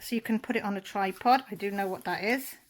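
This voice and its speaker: A woman's voice: medium pitch, quick pace. A woman vlogger, chatting casually while unboxing, gushing and near tears.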